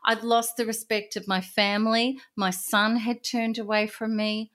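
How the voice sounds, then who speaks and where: A middle-aged woman, an interview guest, telling her personal story in an earnest, intense way, often dropping to a hushed voice. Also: fairly high pitch, little pitch movement, a little slow.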